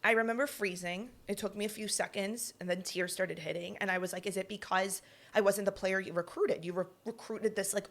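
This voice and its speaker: A young woman co-hosting a podcast, telling a personal story casually and acting out the voices she quotes. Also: mid-range voice. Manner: animated, acts out quoted lines. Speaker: podcast co-host.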